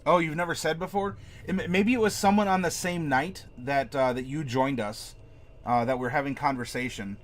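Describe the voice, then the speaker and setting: A man's voice: a little high, steady tone, normal speed. Chatty man rambling to his stream. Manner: rambling, chatty, reads chat aloud and answers viewers. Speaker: streamer host. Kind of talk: casual live-stream chat with viewers. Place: home desk.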